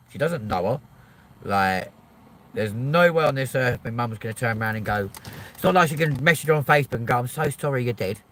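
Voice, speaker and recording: Middle-aged male host, lively pitch, casual sweary storytelling. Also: a little hiss or hum. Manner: animated, swears freely, acts out both sides of a call. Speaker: livestream host.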